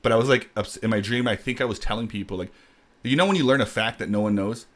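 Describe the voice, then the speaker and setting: A man hosting a casual podcast, telling a story in a rambling, animated way. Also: lowish voice, quick pace. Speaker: podcast host. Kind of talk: casual chat.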